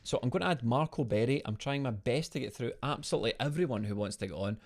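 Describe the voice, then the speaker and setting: A Scottish man hosts a festive live stream from home, full of banter and quick laughs. His voice swings widely up and down as he jokes with guests and reads comments. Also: medium pitch, expressive. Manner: jokey, laughs often, Scottish slang. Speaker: podcast co-host. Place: home video call.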